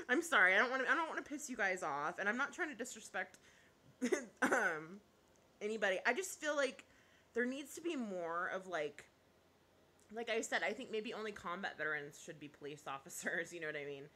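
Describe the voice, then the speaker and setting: A woman chatting live with her viewers, her pitch swinging widely and her tone bright and forceful. She speaks bluntly and opinionated, laughs often, and apologizes half-jokingly when she thinks she's gone too far. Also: sing-song, normal speed. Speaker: YouTuber. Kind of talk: casual live chat reading viewer comments.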